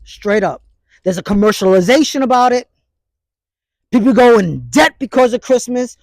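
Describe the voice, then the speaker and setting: A martial arts instructor in his fifties, New York accent, talks bluntly in the snow outside while someone else holds the phone recording him. His very high voice has lively intonation, a moderate pace and frequent pauses, and his casual monologue is preachy and full of street slang. The sound is dry and studio quality.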